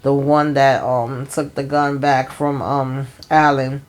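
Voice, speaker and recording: A woman's voice: a bass voice, little pitch movement, slow. A woman giving a casual, rambling recap of a TV episode, full of fillers like "um" and "you know" and talking straight to her viewers. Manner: chatty, speaks to viewers directly. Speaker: TV show recap host.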